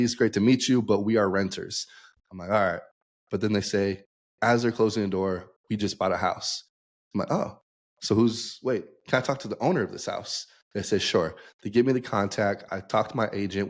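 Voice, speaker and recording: Young man telling a lively story. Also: fairly low pitch. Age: young adult. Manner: animated storyteller, acts out quoted dialogue. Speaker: podcast guest. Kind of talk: storytelling in a podcast interview.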